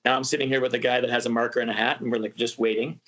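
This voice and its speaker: Male travel podcast host, casual animated storyteller, muffled lo-fi recording. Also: medium pitch, very fast. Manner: animated, acts out quoted voices. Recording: muffled lo-fi audio.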